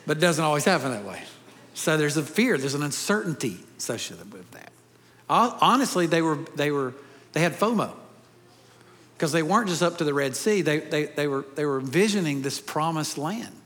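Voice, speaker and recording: A pastor preaching in a big church, his voice a little high for a man. He talks to the congregation casually and drops jokes as he goes. A long reverb trails off his words in the large hall. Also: animated, moderate pace, fairly bright tone. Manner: conversational, joking asides to the congregation. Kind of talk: sermon.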